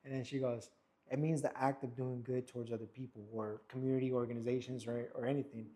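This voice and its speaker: Animated young man telling a story. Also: mid-range voice, quick pace. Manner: animated, acts out quotes of others. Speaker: barber and podcast co-host. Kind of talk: casual storytelling. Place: barbershop.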